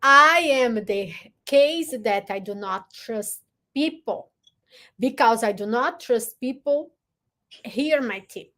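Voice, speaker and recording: A woman hosting a live stream, giving earnest, encouraging relationship advice in a deliberate way. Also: a little high, animated, pushed and bright. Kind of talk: motivational live talk.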